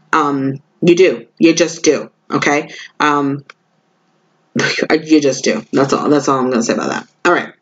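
A woman giving a spiritual card reading in a vlog, talking loudly and passionately with big swoops in pitch. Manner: loud, passionate, swooping and animated. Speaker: spiritual reader and shaman. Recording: muffled lo-fi audio.

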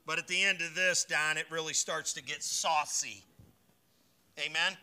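A man preaching at a church service, with a high, very bright and forceful voice. He mixes folksy, joking asides into his scripture reading, and he gets louder and higher when he exhorts the congregation. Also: fairly even intonation, moderate pace, clear, resonant tone. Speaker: pastor. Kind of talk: sermon.

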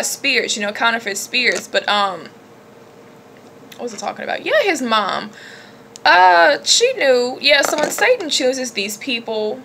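A woman talks to her viewers in a loose, emphatic way, leaning hard on her points. Her tone is bright and forward. A faint hiss sits under the recording. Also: fairly high pitch. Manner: animated, emphatic, chatty with laughs. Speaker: religious vlogger. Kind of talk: casual spiritual talk to camera.

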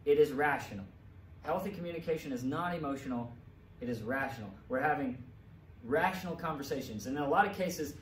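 A middle-aged man giving an earnest, emphatic talk with slides, repeating key phrases for weight. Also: fairly high pitch. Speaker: presenter. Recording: roomy echo, mic at a distance, faint background hum.

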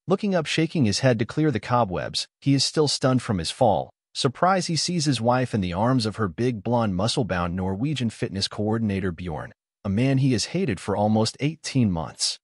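A man narrating a written story in an expressive reading style. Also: lowish voice, normal speed, hardly any pauses, dry recording, clean studio sound.

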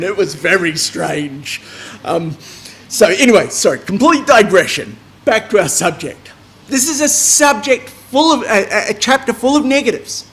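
Lively man giving a bible class. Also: high voice, moderate pace. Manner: lively, emphatic, with asides and restarts. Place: meeting hall.

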